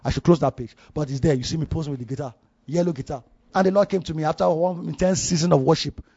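A man's voice: sits high, no room sound, dull audio. A man with a Nigerian accent preaching a sermon, telling a personal story with many repeats and restarts for emphasis.

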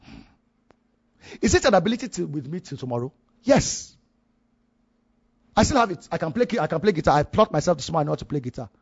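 Nigerian male preacher, high husky voice, animated storyteller who repeats himself for emphasis; dry, dull lo-fi sound. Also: fairly quick, pauses often, no echo. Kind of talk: sermon with personal testimony.

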